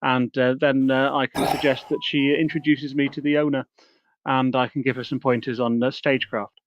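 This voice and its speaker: A man's voice: medium pitch, little pitch movement, normal speed, lo-fi sound, slight background noise. A man playing a tabletop game, speaking hesitantly with many fillers. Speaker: player. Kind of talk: casual tabletop play.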